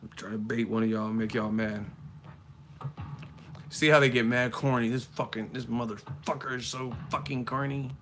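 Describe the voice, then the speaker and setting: A man hosting a boxing live stream, mocking viewers in a profane, fast-riffing rant. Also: mid-range voice, fairly even intonation, a bit bright, a little hiss or hum.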